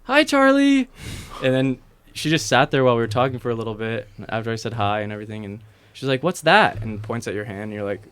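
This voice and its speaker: A young man co-hosting a casual podcast, telling stories in a relaxed way and laughing along. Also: on the low side, quick pace, smooth, no room sound. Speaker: podcast co-host. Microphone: podcast mic.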